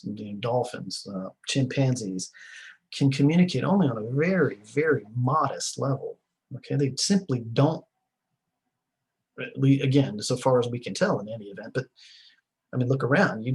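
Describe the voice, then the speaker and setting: A man's voice: medium pitch, gravelly, breathy edge, rough recording. A middle-aged man giving a recorded class lecture in a rambling, conversational way, with many fillers and restarts. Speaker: teacher.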